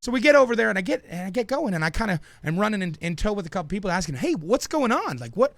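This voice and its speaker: A man co-hosting a podcast, telling a comic tall tale in an animated way. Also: high-pitched, very fast, creaky, no room sound. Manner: animated, builds a tall tale with rising excitement. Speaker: podcast co-host. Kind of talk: casual comedic storytelling.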